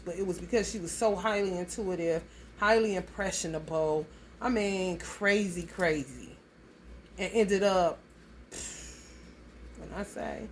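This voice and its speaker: A woman's voice: lowish voice, a little hiss or hum. A woman, giving a casual astrology reading in a blunt, profane, storytelling way. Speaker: astrology reader. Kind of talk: casual tarot reading monologue.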